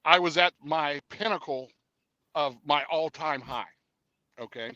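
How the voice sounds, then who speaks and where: A man's voice: fairly high pitch, unhurried, no echo, lo-fi sound. A man as an interview guest in casual conversation, telling stories animatedly, acting out dialogue and hesitating with fillers. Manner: animated storyteller, acts out dialogue.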